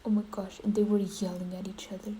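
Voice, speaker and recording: A woman's voice: mid-range voice, little pitch movement, quick pace, dark tone, a little hiss or hum, low-quality recording. A young woman giving dramatic, half-whispered commentary while playing a life-simulation game. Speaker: gaming YouTuber.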